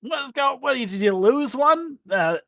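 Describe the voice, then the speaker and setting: A man's voice: very high voice, animated, measured pace, vocal fry, a bit bright, no room sound, pitched above the performer's own voice, full character voice. A man voicing a scummy but caring male forest landlord who talks in a wheedling, dismissive way. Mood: exasperated.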